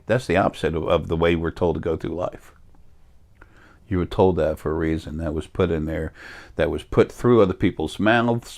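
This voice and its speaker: A man's voice: low voice, a little mellow. A man giving a rambling spiritual talk as a teacher, earnest, often stopping to correct himself. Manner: meandering, self-correcting, earnest.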